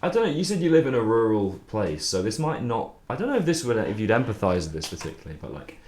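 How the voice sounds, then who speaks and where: Young songwriter, low voice, loose rambling stream talk with swearing, recorded in an echoey room. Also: male voice, big pitch swings, fast talker, a little mellow. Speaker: songwriter streaming his writing process. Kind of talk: casual livestream chat.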